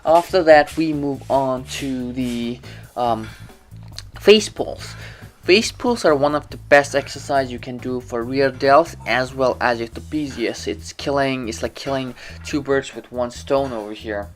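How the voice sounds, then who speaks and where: A man explains gym exercises in a loose, casual way, stumbling and correcting himself as he goes. His voice sits at an ordinary middle pitch. Faint music plays in the background of the gym. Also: a little slow. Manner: rambling, many restarts and self-corrections. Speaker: fitness vlogger. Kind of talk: casual workout instruction.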